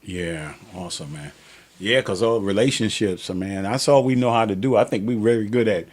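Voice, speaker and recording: This podcast host's voice sits on the low side and moves at normal speed. He keeps the casual conversational interview loose and story-driven, breaking into laughter frequently.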